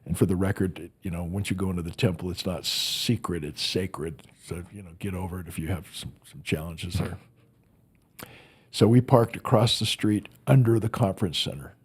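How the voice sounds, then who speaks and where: A man's voice: low-pitched, moderate pace, a little mellow, slightly rough. A man who is a motivational speaker, telling earnest stories as a podcast guest and often repeating words as he searches for them. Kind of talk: storytelling in a podcast interview.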